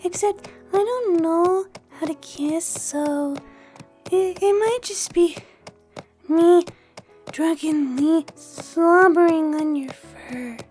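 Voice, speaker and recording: A woman doing a drunk shy pony mare, squeaky high voice, slow slurring drawl, soft music behind. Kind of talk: fan-fiction audio reading.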